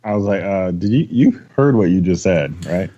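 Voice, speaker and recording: A man's voice: low-pitched, animated, normal speed, dark tone, dull audio. A man co-hosting a casual sports podcast, bantering and laughing along. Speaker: podcast co-host.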